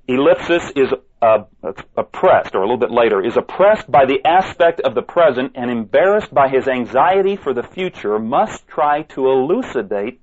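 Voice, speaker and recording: Emphatic man on a dull recording. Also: medium pitch. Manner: emphatic, asks rhetorical questions, stumbles and restarts. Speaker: ministry speaker. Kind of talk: monologue rebuttal reading quotes aloud.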